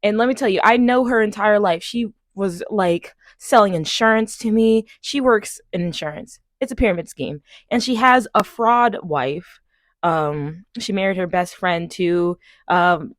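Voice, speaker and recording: A young woman from Long Island telling a story to camera in an animated, exasperated way. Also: mid-range voice, no echo. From Long Island, New York. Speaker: vlogger. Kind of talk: story time vlog.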